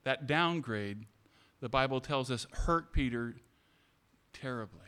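Man, pastor, sermon, emphatic and repetitive, calls for amens, clear resonant voice. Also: medium pitch, unhurried. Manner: repeats phrases, swings from hushed to loud emphatic preaching.

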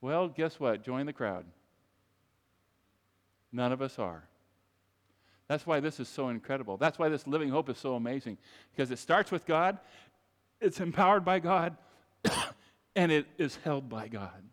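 A pastor with a medium-pitched, animated voice preaches a little slowly and pauses often. His sermon is emphatic and repetitive, aimed directly at the congregation, and the large church sanctuary adds a long reverb.

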